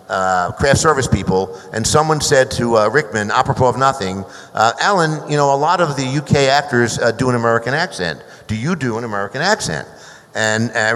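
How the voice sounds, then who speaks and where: A man on a panel telling a long behind-the-scenes story, restarting often and turning animated when he quotes others. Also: mid-range voice. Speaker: screenwriter guest. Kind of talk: anecdotal panel talk. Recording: hall reverb.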